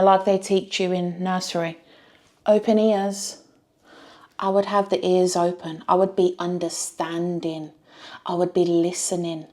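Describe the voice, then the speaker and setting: A woman's voice: on the low side, mellow. A woman giving blunt, emphatic reaction commentary on a reality show. She repeats phrases for effect and swears freely.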